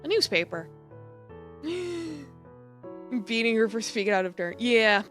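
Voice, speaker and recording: A woman's voice: on the high side, big pitch swings, slow pace, a bit bright, soft background music. A young woman streamer chatting and joking through a game, rambling with lots of fillers. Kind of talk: live game commentary.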